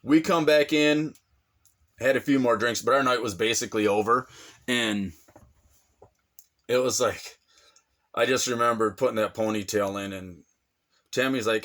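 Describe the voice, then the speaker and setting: Man telling a bar story, animated. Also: normal speed, long pauses. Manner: animated, acts out quoted voices with big pitch jumps. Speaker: vlogger telling his own story. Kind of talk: casual storytelling.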